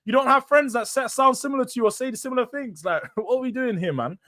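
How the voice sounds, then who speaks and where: A man's voice: extremely high pitch, fast talker, pushed and bright. A young man with a London accent hosting a casual football live stream, bantering with the chat in slang. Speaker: host.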